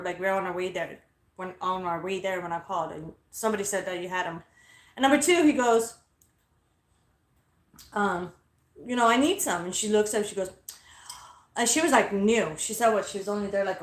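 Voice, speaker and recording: A woman's voice: mid-range voice, echoey room. Blunt, foul-mouthed woman ranting. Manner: blunt, profane, indignant. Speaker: host. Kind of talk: casual storytelling rant. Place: inside a car.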